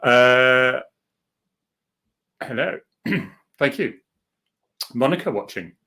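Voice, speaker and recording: A man's voice: medium pitch, lively intonation, drawn-out words, sharp tone. A middle-aged man, a former police officer, hosts a casual live stream, chatting and joking as he reads out viewer comments.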